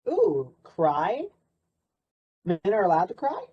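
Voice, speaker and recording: A man's voice: high voice, very animated, slow, pauses often, a little mellow, slightly rough. A man presenting an interactive workshop in a playful, sarcastic way. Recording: dull lo-fi recording.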